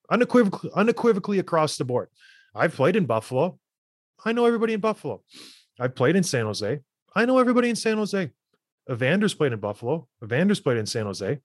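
A man's voice: a little high, big pitch swings, fast, dry recording, studio quality. Fired-up man hosting a podcast. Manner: fired-up, emphatic ranting. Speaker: podcast host, former hockey player. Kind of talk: casual chat and ad read.

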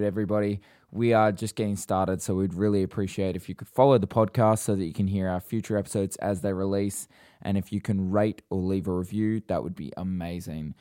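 Man co-hosting a podcast, low voice, dry close sound, laid-back and jokey, casual rambling chat. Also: warm tone, smooth, dry recording. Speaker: podcast co-host.

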